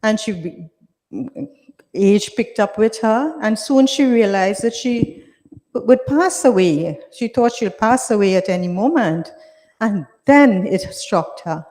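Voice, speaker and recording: Slow, gentle woman storyteller. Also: medium pitch, expressive. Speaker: storyteller at a women's group satsang. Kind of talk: slow storytelling at a religious gathering. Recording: reverberant hall.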